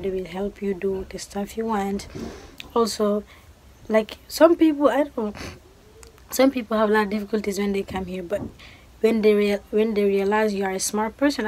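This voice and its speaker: Animated young woman from Guinea vlogging. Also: medium pitch, low-quality recording. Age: 20s. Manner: animated storytelling, acting out quoted exchanges. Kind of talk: casual chat to camera. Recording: faint background noise.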